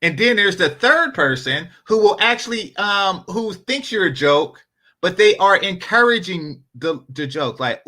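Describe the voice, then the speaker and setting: A man giving casual commentary, an animated storyteller who swears freely. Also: high-pitched, a little slow. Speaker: panel commentator.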